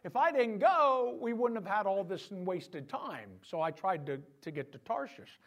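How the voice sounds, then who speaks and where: A preacher putting on a whiny selfish prophet. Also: male voice, high-pitched, lively intonation, moderate pace, fairly bright tone. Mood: whiny complaint. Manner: whiny, complaining. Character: whiny selfish grown male prophet complaining to God. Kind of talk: sermon.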